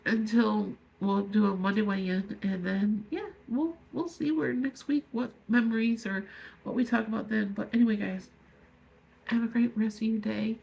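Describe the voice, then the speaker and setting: Gravelly, husky woman in her fifties. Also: mid-range voice, fairly even intonation, darkish tone, rough recording. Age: 50s. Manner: angry, tearful, halting outpouring. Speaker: vlogger. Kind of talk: emotional personal vlog.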